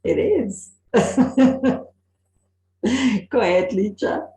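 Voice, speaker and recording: A woman's voice: medium pitch, animated, extremely slow, mellow. A woman hosting an online workshop, appreciative and encouraging toward participants. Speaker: workshop facilitator. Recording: echoey room on a call.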